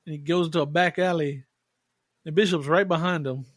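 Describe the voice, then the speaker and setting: A man co-hosting a podcast and retelling film scenes in an easy, slangy way. His voice sits a little high, and the recording is dry and close. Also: brisk, no echo. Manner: relaxed, plot-focused, slangy. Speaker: podcast co-host. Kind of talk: casual film recap chat.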